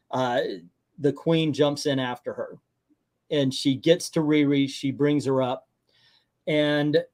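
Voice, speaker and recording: A man hosting a casual movie review chat, sarcastic and breaking into mocking voices for the characters. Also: on the high side.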